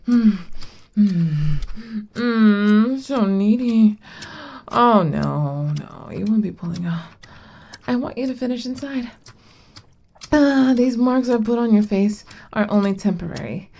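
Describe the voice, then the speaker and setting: A domineering older-sister figure voiced by a woman in an adult audio role-play. She speaks slowly and teasingly, with a gravelly, fry-edged tone. Her manner is commanding and breathy. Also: mid-range voice, dark tone.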